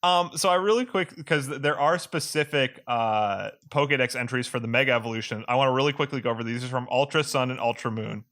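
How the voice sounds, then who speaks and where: Podcast co-host, male, bright and forceful, playful segment leader. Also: mid-range voice, fast, few pauses. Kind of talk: casual chat.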